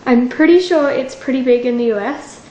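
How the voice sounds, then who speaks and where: A woman's voice: high-pitched, fairly quick, mellow, slight background noise, low-quality recording. An Australian woman vlogging in a rambling, chatty, self-mocking way. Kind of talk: casual vlog chat.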